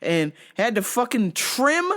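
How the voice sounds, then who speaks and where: A woman's voice: on the high side, slow. A woman hosting a vlog, ranting in a casual, comedic way and swearing often as she tells stories. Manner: profane, animated storytelling with frequent swearing. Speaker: vlog host.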